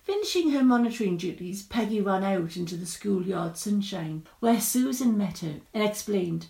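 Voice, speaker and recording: A woman reading a story aloud in a measured, descriptive storytelling manner. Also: mid-range voice, lively intonation, vocal fry, mellow.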